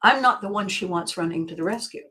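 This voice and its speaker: A woman hosting a podcast, musing aloud in a reflective self-help monologue, often circling back, repeating phrases and clearing her throat. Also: fairly low pitch, quick pace, bright, forceful tone. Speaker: podcast host.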